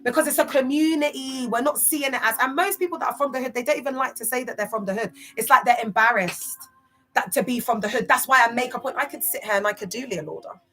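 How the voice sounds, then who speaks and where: A woman's voice: high voice, quick pace, bright, forceful tone, soft background music. A young woman from West London with a London accent, giving casual vlog commentary in emphatic street slang full of rhetorical questions. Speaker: commentator on church cults.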